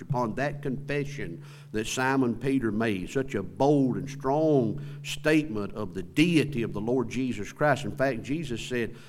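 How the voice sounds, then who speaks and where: A pastor with a Southern American accent preaching a sermon in a folksy way, asking the congregation questions. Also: male voice, mid-range voice, animated, normal speed, a little mellow.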